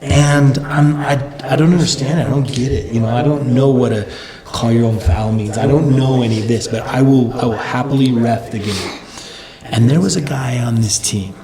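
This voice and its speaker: A man's voice: mid-range voice, moderate pace, roomy sound, a crowd in the background. A man, a company founder, telling stories as a guest in a casual interview, his voice climbing as the stories build. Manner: animated storyteller, voice rises as stories build. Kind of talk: storytelling interview chat.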